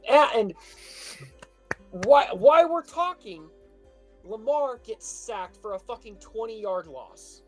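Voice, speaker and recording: Animated, swearing man telling a story. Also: high voice, unhurried, soft background music. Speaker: podcast co-host. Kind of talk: casual chat.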